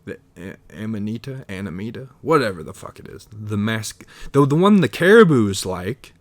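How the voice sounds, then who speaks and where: A man's voice: lowish voice, sing-song, moderate pace, no room sound. A man hosting a solo podcast, rambling in a meandering, profane stream of consciousness. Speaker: podcast host.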